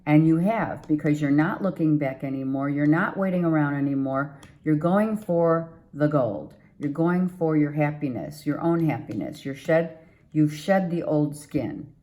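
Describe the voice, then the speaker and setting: This tarot reader speaks to her viewers in a warm, low-pitched voice at a measured pace. Her reading is casual and rambling, full of repetition, yet consistently upbeat and encouraging.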